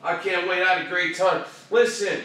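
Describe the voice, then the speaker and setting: A man's voice: high-pitched, normal speed, recorded from a distance. Fired-up man preaching in an echoey room. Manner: animated, preachy, streetwise slang, repeats phrases for emphasis. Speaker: show host. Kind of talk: motivational talk show rant. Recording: very echoey room, voice off-mic, faint ambience.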